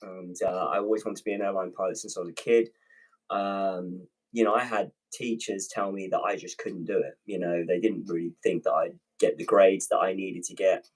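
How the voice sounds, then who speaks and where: A man's voice: low voice, fairly even intonation, normal speed, slightly rough, low-quality recording. A British man, a guest on a casual livestream, telling his story in an earnest, winding way. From Britain. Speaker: guest, airline pilot.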